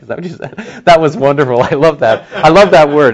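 A man's voice: a little high, a little fast, few pauses. A man preaching a conversational Bible-teaching sermon to a congregation, often emphatic. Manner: emphatic, rising to near-shouting when stirred; conversational, with asides to the audience. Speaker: pastor.

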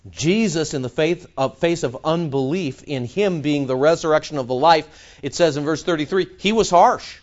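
A male pastor preaching a sermon with emphatic stress that swings between loud points and soft asides. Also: on the high side, normal speed, highs cut off.

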